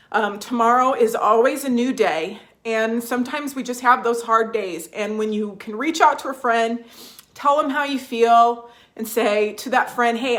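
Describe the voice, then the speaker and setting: A woman vlogging from home, chatting casually with viewers, restarting sentences and reading out their comments. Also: on the high side. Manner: warm, chatty, reads viewer comments aloud; restarts sentences, fillers, emotional at times.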